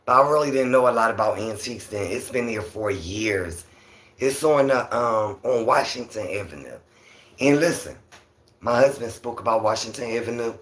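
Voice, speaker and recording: Soft-spoken raspy man, roomy echo. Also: mid-range voice, lively intonation, moderate pace. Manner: talks softly, near a whisper; rambling, chatty, with many fillers. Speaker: livestream host. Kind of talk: casual livestream chat.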